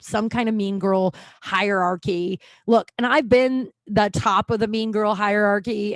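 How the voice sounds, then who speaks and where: A woman's voice: medium pitch, no echo. A woman hosting her own podcast, telling a rambling story in casual chat, swearing freely and restarting her sentences often. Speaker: podcast host.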